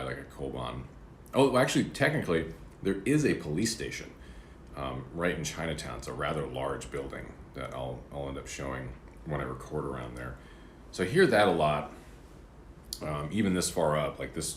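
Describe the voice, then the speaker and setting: Casting note: man, very low voice, rambling casual streamer, roomy apartment sound. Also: slight background noise. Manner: rambling, chatty, eating between words. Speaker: livestreamer. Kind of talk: casual chat. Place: apartment room. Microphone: streaming setup.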